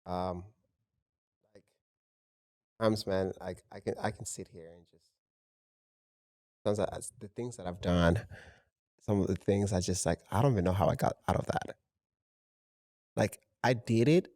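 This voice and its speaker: A man, a fashion house founder, telling a lively anecdote in a casual interview. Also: low-pitched, unhurried, long pauses, no room sound. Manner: animated anecdote telling with fillers. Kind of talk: casual storytelling chat.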